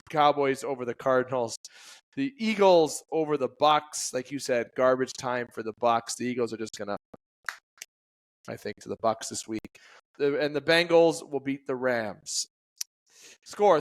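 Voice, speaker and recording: Rambling Canadian man on a sports podcast. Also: mid-range voice. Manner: rambling, trips over words, laughs at himself. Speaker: podcast co-host. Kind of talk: casual chat.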